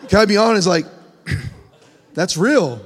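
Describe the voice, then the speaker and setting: A young man preaching a conversational sermon, his voice climbing in pitch when he presses a point. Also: animated, takes it slowly, breathy edge. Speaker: pastor. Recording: long hall reverb.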